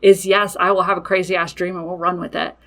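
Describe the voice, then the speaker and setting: A woman's voice: on the low side, little pitch movement, quick pace, a bit bright. Blunt, matter-of-fact woman podcast host. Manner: blunt, matter-of-fact, laughs and swears freely. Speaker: podcast host and witchcraft business owner. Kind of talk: casual podcast monologue.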